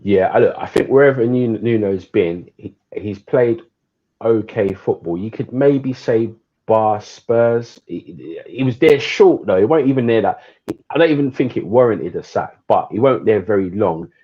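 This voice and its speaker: A man's voice: fairly low pitch, normal speed, lo-fi sound. A man chatting casually as a guest about football, laid-back and slangy. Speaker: guest fan.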